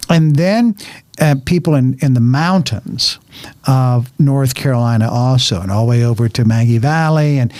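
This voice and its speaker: A man's voice: medium pitch, normal speed, a little mellow, no room sound. Chatty joking male interview host. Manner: chatty storyteller, jokes and laughs. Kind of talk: casual interview chat.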